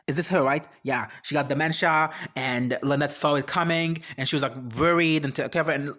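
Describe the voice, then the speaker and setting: Reaction host ranting, heated and profane, mid-pitched voice, casual commentary, laughs and trips over words. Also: fairly even intonation, brisk, fairly bright tone. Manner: laughs and trails off mid-sentence.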